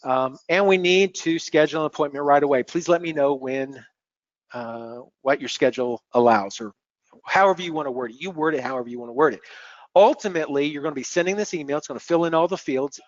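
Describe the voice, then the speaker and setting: In dull, dry, lo-fi webinar audio, a slightly high-voiced man presents a software demo at a quick pace. He screen-shares and explains each step calmly, frequently repeating words while clicking.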